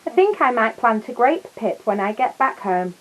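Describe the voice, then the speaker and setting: A woman's voice: a little high, sing-song, normal speed, a bit bright, lo-fi sound. A woman voicing a polite, earnest young bear in a storybook read-aloud, in a slightly raised voice.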